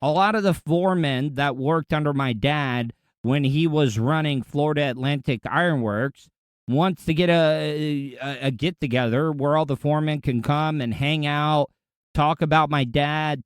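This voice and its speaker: Man, podcast host, casual monologue, blunt and candid, smooth voice, dry close sound. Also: on the high side, a little slow, dry recording. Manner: blunt, profane, candid storytelling.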